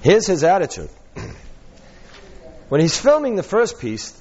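A man teaching a workshop, an animated storyteller who acts out quotes and laughs often. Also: high-pitched, measured pace, long pauses, husky, highs cut off. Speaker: hypnotherapy trainer.

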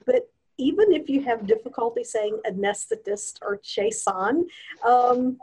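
Earnest woman with a breathy voice. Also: a little high, expressive, measured pace, a little mellow, poor audio. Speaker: guest, hypnosis instructor. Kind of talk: casual podcast interview.

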